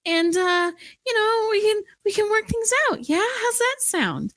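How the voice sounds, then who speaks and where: A woman's voice: very high voice, big pitch swings, measured pace, fairly bright tone, no echo, pitched above the performer's own voice, heavily acted. A woman voicing a nervous, stammering male gnome.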